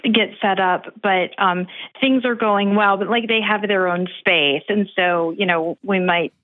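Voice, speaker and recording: A middle-aged woman calling in to an advice show, telling a story in a chatty, animated way. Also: medium pitch, a little slow. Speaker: caller. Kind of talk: casual storytelling on a call. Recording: tinny phone line.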